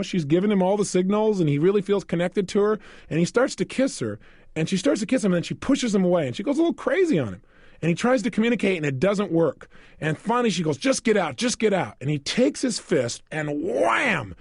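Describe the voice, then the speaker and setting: Lively high-voiced man teaching a seminar. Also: no room sound, studio quality. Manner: animated, asks the audience questions and acts out quotes. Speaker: self-help seminar speaker. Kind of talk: motivational seminar talk.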